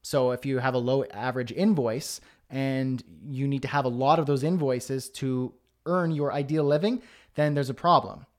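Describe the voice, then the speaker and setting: A man's voice: medium pitch, fairly even intonation, normal speed. A man hosting a live-streamed business workshop, coaching emphatically with many rhetorical questions. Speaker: host.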